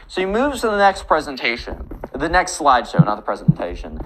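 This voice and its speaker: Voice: medium pitch, wildly swooping pitch, fairly quick, few pauses, noisy background. A storytime YouTuber telling a story in a rambling, self-correcting way. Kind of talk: storytime narration with ad reads.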